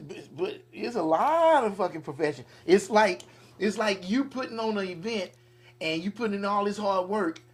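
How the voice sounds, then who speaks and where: A woman's voice: medium pitch, husky. A woman co-hosting a casual talk show, blunt and emphatic, swearing freely. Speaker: podcast co-host. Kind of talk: casual chat.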